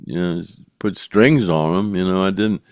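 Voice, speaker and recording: An older man hosting a show, telling a road story casually in a halting way, full of fillers. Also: low voice, darkish tone, no echo, studio quality. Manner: halting, full of "uh" and "you know". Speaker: show host and former rock roadie.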